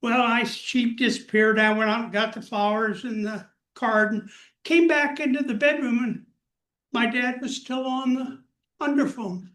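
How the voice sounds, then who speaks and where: An older man telling a personal story to a live group in a plain, unhurried way. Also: very high-pitched, steady tone, a bit bright. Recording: echoey room.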